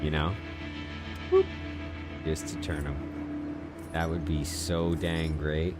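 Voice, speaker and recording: Deep-voiced man rambling over gameplay. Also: little pitch movement, slow. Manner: rambling, talks to himself, chuckles often. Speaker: game streamer. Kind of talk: casual gameplay commentary. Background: music.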